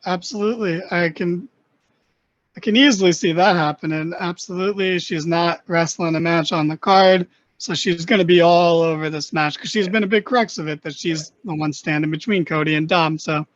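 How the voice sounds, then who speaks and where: A man's voice: fairly high pitch, moderate pace, no room sound. A man hosting a casual podcast, easygoing and agreeable as he steers the talk. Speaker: podcast host. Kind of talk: casual chat. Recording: dry, muffled lo-fi mic.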